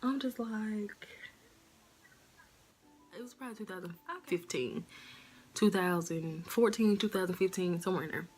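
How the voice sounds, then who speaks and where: A woman vlogger telling a story to her viewers in a chatty, animated way. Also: medium pitch, moderate pace, long pauses, faint music behind. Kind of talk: casual storytime vlog.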